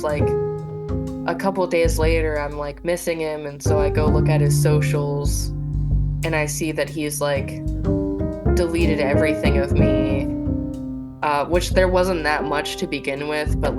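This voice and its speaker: A woman telling her own story in a casual, halting way, with many fillers. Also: low-pitched, steady tone, loud music behind the voice. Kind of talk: personal testimony.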